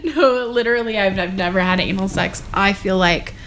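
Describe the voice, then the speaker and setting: A woman's voice: medium pitch, moderate pace, fairly bright tone, a little hiss or hum. A young woman co-hosting a casual podcast from a bed, chatty and retelling scenes at length. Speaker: podcast co-host. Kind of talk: casual chat. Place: bedroom, on a bed.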